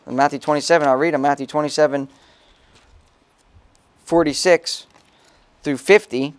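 A man's voice: a little high, fairly even intonation, normal speed, dry recording. A pastor preaching a sermon in a casual, conversational way, reading scripture aloud and checking in with his listeners. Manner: casual preaching, reads scripture aloud, frequent "okay?" asides. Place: church.

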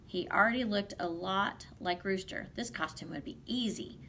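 A woman's voice: medium pitch, moderate pace. Lady reading a kids' story aloud, bouncy and playful, little bit of background hiss. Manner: lively, playful voices for the animals. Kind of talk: children's storybook read-aloud.

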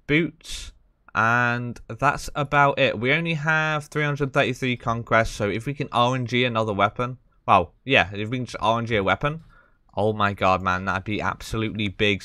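A young man, talking casually over his gameplay. He sounds excitable and chatty, leaning on fillers and "man." His voice is bright and forceful, and the recording is dry and close. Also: medium pitch, clear, resonant tone, no echo. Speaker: gaming video creator.

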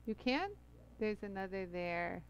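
A woman's voice: medium pitch, animated, measured pace, poor audio. A woman hosting a live product demonstration, chatty and laughing often as she greets viewers by name. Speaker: livestream demo host.

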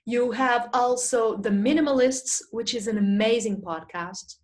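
A woman with a slightly high, darkish voice takes her time presenting a live webinar Q&A, reading audience questions and answering in a chatty, filler-laden style. The recording comes from a small video mic or phone.

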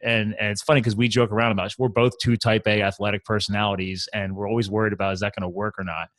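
A man's voice: lowish voice, level tone, rapid-fire, a bit bright, no room sound. A man talking as a podcast guest, earnest and open, telling personal stories casually with lots of "man" and "like". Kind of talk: candid conversational storytelling.

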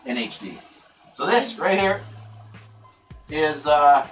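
A man's voice: a little high, big pitch swings, slow, a bit bright. Laid-back man in an echoey room. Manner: laid-back, rambling with many fillers. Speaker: livestream host. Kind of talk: casual livestream chat. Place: indoor grow room. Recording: echoey room, voice far from mic, faint music.

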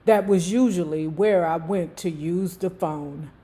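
A woman's voice: fairly low pitch, dark tone. A woman in her fifties from Washington, D.C., with a thick D.C. accent, hosting a book club. She reads aloud and breaks off into chatty, joking asides. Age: 50s. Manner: slow, drawling, chatty, jokey. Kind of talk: casual reading with chatty asides.

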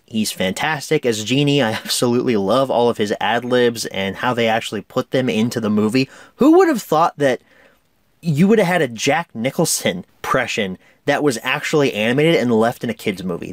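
Man, casual film review, enthusiastic, chatty, lively pitch, dry close sound. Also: brisk, no room sound. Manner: enthusiastic, chatty, laughs often.

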